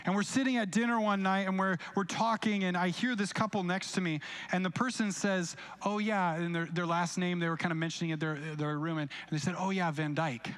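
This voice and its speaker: A man's voice: high voice, fairly even intonation, fairly quick, a bit bright, clean tone. A young man preaching a live church sermon, talking conversationally and acting out quoted lines as he tells a story. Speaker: pastor. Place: church sanctuary, recorded live.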